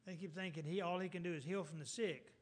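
Male preacher in church, somewhat high-pitched, folksy and conversational, retells scripture in plain words. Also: fairly even intonation, fast. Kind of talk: sermon.

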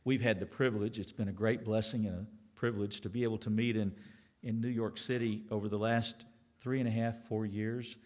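A man preaching a sermon, swinging from loud emphasis to hushed tones and repeating words when stirred. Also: on the low side, steady tone, a little fast.

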